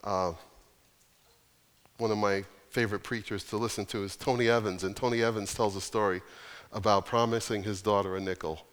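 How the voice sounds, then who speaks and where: Man, pastor, emphatic sermon, deliberate pauses, long church-hall reverb. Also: on the low side, steady tone. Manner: earnest, emphatic preaching with pauses.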